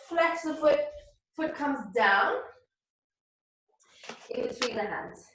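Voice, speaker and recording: A woman teaching a beginners yoga class, calmly cueing poses and breathing, somewhat out of breath. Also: high voice, slight background noise. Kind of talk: guided yoga class instruction. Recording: very echoey room, voice from far off.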